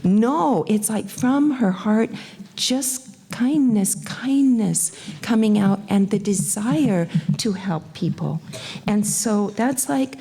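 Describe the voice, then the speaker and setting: A woman teacher giving awards to young students at a graduation, speaking gently and brightening as she acts out little quotes. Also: mid-range voice, slow pace, vocal fry, slightly rough. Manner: gentle, warm-hearted and animated, acting out little quotes. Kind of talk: speech at a school graduation.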